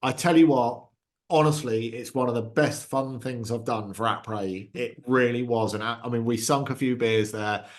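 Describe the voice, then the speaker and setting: A man chatting on a ski podcast, with a voice of ordinary pitch. He rambles through travel stories and acts out the people in them. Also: fairly even intonation, moderate pace. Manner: chatty anecdotes with acted-out quotes. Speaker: podcast co-host. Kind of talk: casual chat, storytelling.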